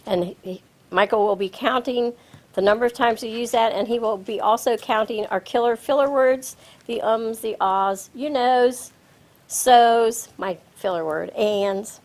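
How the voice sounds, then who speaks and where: A woman with a Midwestern American accent leading a club meeting as Toastmaster from a lectern in a small studio, speaking in a measured, instructive way. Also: on the high side, poor audio. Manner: measured, instructive, announcing guests with rising emphasis. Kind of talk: presiding over a club meeting. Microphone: lectern microphone.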